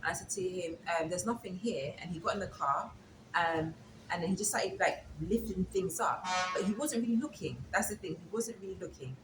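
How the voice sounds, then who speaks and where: A woman's voice: on the low side, brisk. A woman as an interview guest, casually telling a story and acting out the dialogue. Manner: retells events with quoted dialogue. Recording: echoey room with background noise.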